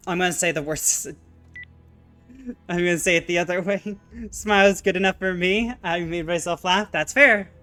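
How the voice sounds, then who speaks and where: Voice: medium pitch, normal speed, long pauses, bright, forceful tone, faint music behind. Casual streamer reading a game aloud. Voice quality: casual, chuckles at own jokes.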